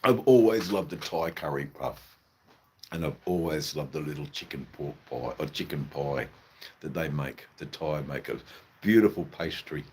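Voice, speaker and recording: A man's voice: rumbling low, normal speed, darkish tone, slightly rough. An Australian man hosting a live stream, chatting in a rambling, hesitant way with lots of fillers and restarts and some blunt swearing. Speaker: livestream host.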